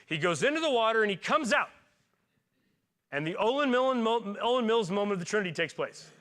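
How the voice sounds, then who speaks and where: Man, pastor, 40s, sermon, conversational, joking, bright voice, slightly high pitch. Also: animated, fairly quick. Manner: conversational and joking, asks the congregation questions. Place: church.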